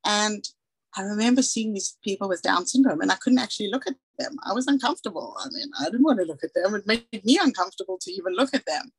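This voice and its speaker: A woman's voice: medium pitch, expressive, quick pace, breathy edge, poor audio. A woman in her forties from South Africa, giving a candid, earnest personal talk as a guest speaker and acting out the dialogue she recalls.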